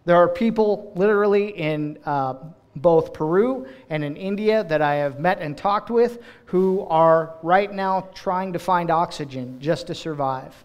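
A slightly high-voiced American preacher, whose role is director of global partnerships, speaks at church in sermon form. He's expressive, with rapid restarts throughout.

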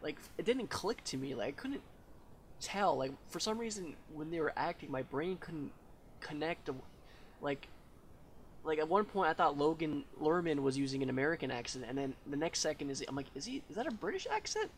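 A man's voice: a little high, moderate pace, slight background noise. A man co-hosting a podcast, rambling and hesitant as he chats casually about a film. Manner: rambling, hesitant, laughs easily, swears. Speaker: podcast co-host.

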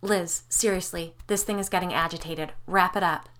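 A woman's voice: fairly low pitch, fairly even intonation, normal speed, fairly bright tone, lightly acted. A woman voicing an uneasy friend who speaks urgently and insistently.

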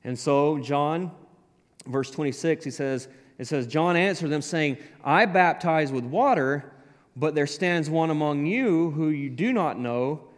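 A man preaching a sermon, animated, acting out the voices in the scripture he quotes. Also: on the high side, measured pace. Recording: long hall reverb.

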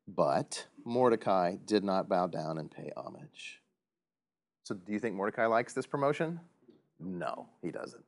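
A man leads a Bible study in an easy, joking manner, asking his listeners questions. His pitch swings widely as he teaches, rising and falling for emphasis. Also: moderate pace. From United States. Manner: animated, joking, big pitch swings, chuckles often.

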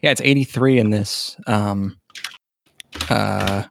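A man's voice: fairly low pitch, slow, gravelly, a little hiss or hum. A man co-hosting a casual anime discussion podcast, laid-back, swearing casually and trailing off with fillers. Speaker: podcast co-host.

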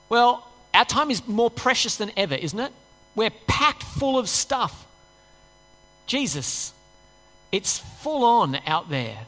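Male pastor, high bright voice, conversational sermon in a reverberant hall. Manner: conversational, acts out inner voices, rhetorical questions.

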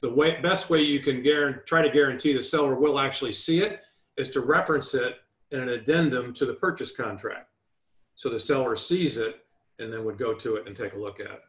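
A man's voice: mid-range voice, fairly quick. Instructive man in an echoey room. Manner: emphatic, instructive, list-like delivery. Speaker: real estate negotiation trainer, guest. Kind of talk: remote interview.

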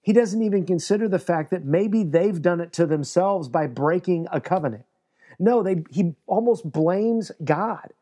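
A male pastor gives an earnest sermon. His voice sits a little high but sounds mellow and dark. Now and then he acts out the words of biblical figures. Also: animated, normal speed. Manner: earnest preaching, acts out voices of God and Joshua.

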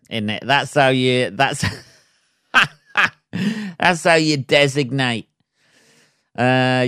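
A man's voice: mid-range voice, fairly bright tone, clear, resonant tone, no room sound, clean studio sound. A man, a stand-up comedian hosting a casual solo podcast, rambling and swearing freely and laughing at his own jokes.

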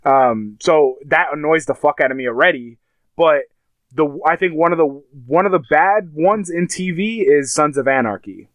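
Brash, animated man retelling scenes. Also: on the high side, moderate pace, no room sound. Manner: animated retelling with crude language. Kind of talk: casual chat.

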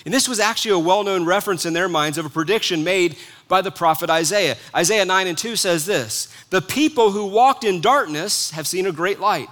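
A man preaching a sermon as pastor, earnest, dropping to soft hushed lines and rising to emphatic ones. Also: sits high, brisk, hardly any pauses.

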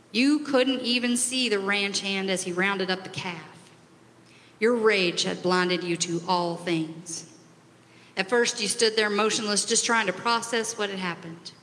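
A woman retelling a parable in the second person, with expressive, dramatic storytelling. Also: mid-range voice, unhurried. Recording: long hall reverb.

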